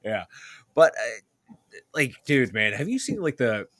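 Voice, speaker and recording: A man's voice: medium pitch, sing-song, slow, a bit bright, no echo. A man from the Pittsburgh area co-hosting a sports podcast, chatting loosely with lots of fillers and swearing. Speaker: podcast co-host. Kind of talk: casual sports chat.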